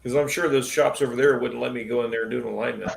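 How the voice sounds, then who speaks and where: A man's voice: medium pitch, steady tone, very fast, gravelly, echoey room. A man who works as an auto technician, hosting a casual live stream and talking bluntly and profanely about shop work.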